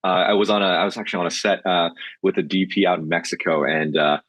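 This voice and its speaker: A man, a TV director, telling stories in a casual podcast chat, loose and animated, acting out what people said. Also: low-pitched, fast talker, dry recording. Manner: loose and animated, acts out quotes.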